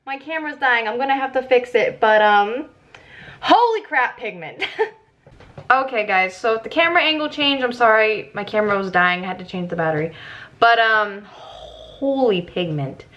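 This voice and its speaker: A young woman vlogging casually about her makeup, excitable and giggly, chatting as she works. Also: a little high, fairly quick. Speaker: beauty vlogger. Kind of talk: casual makeup tutorial chat. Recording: slightly dull lo-fi audio.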